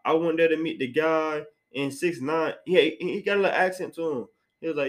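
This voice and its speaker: A man's voice: fairly high pitch, brisk, low-quality recording. A young man hosting his own podcast, talking in a slangy, rambling way and often repeating himself. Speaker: podcast host. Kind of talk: casual solo podcast rant.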